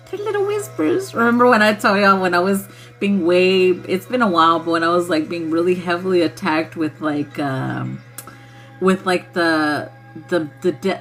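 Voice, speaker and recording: A woman's voice: fairly low pitch, a bit bright. A woman hosting a casual spiritual livestream who laughs often and swears freely in a loose, playful way. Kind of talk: casual chat with viewers.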